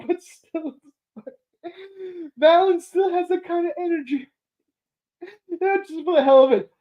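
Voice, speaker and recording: A woman's voice: extremely high pitch, measured pace, long pauses, dull audio. A young woman hosting a podcast, reviewing an episode casually, laughing often and acting out lines from the show. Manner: animated, laughs often, acts out quoted lines. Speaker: podcast host.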